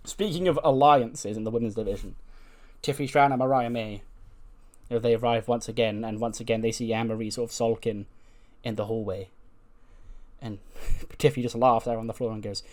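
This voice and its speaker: A man's voice: mid-range voice, steady tone, fairly quick, darkish tone. Chatty man narrating a wrestling game. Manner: chatty, wry, filler-heavy. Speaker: let's play host. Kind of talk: casual game commentary.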